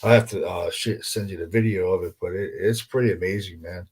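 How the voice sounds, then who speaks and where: A man with a husky, fairly low voice hosts a casual podcast chat. He talks with emphasis, swears freely and keeps coming back with loud exclamations. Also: brisk. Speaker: podcast host.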